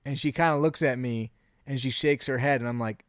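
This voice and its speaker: A man in his thirties, a podcast co-host telling an animated story in a casual chat, often acting out what he said. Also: mid-range voice, brisk, clear, resonant tone, no room sound, clean studio sound.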